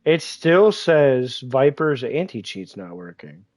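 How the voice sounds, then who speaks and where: A man streaming a game, talking casually in a profane, excitable, teasing way, with congested sinuses. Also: mid-range voice, takes it slowly, no echo. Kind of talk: casual gaming livestream commentary.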